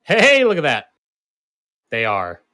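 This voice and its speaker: A man running a tabletop game as game master, narrating monster attacks in a relaxed, easygoing way with frequent laughs. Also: on the high side, takes it slowly.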